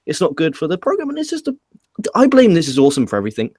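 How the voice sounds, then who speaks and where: A man's voice: a little high, racing, no room sound, studio quality. A man with an English accent hosting a casual wrestling review, ranting and swearing as he talks. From England. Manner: profane, animated ranting. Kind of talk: casual podcast chat.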